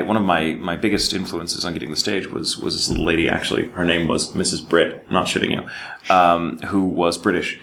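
Deep-voiced man from Texas, lively panel storyteller, roomy hall with faint hum. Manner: animated storyteller, slips into British voices. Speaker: voice actor guest. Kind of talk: convention panel talk.

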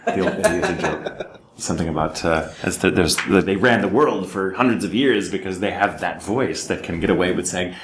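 Deep-voiced man from Texas, lively panel storyteller, roomy hall with faint hum. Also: brisk, hardly any pauses. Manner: animated storyteller, slips into British voices. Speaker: voice actor guest. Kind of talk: convention panel talk.

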